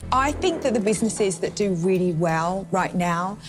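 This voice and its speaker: A man voicing a composed businesswoman investor who speaks in a measured, earnest way. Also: high-pitched, lively intonation.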